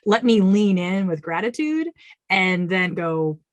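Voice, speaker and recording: A woman author chatting on a podcast, animated and expressive, playfully voicing her own past remarks. Her voice is mid-pitched and recorded close and dry, with no room sound around it. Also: unhurried, no room sound, lo-fi sound. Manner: animated storyteller, acts out her own quotes. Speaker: author guest. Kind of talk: casual podcast interview.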